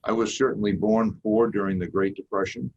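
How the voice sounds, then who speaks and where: A man in his eighties with a Boston accent, giving a prepared seminar talk as a guest speaker in a measured, folksy storytelling way. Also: lowish voice, steady tone, darkish tone. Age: 80s. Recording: dull lo-fi recording.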